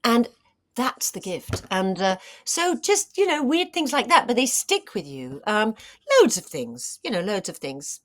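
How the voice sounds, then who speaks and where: A middle-aged woman, an actress, telling stories in a casual interview, animated and full of fillers and restarts. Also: mid-range voice, measured pace. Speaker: actress and screenwriter, interview guest.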